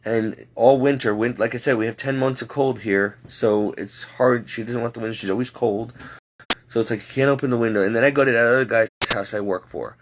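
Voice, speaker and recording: A man's voice: mid-range voice, steady tone, brisk, noisy background. A man, a home caregiver, rambling and exasperated as he vents in a late-night vlog. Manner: talking to himself, restless and frustrated.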